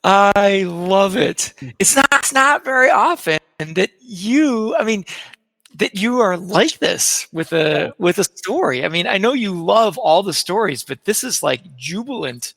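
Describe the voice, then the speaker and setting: A man's voice: high-pitched, lively intonation, a little slow, creaky, a bit bright, no echo, in a large hall. A man co-hosting a casual podcast, chiming in with enthusiastic agreement. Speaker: podcast co-host.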